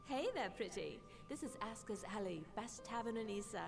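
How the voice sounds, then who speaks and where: A woman's voice: mid-range voice, expressive, normal speed, creaky. A woman voicing a flirty, know-it-all tavern keeper in a video game, teasing and coy. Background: game music.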